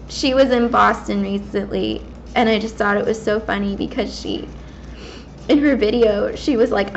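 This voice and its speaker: A woman in her twenties talking candidly and casually while she plays a game, rambling with many fillers. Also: a little high. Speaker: gaming vlogger. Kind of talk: casual personal talk while gaming. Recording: slightly dull lo-fi mic with faint background hiss.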